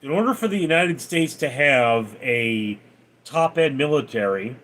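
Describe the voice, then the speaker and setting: A man's voice: medium pitch, lively intonation, measured pace, fairly bright tone. A man livestreaming, reading viewers' names and comments aloud, then answering them offhand. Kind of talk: reading out and answering live chat.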